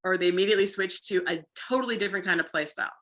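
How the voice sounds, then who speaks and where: Bright-voiced woman explaining dog play. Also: lowish voice, very fast. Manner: lively, acts out playful bits with frequent "like". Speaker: dog trainer guest. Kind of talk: casual conversational explaining.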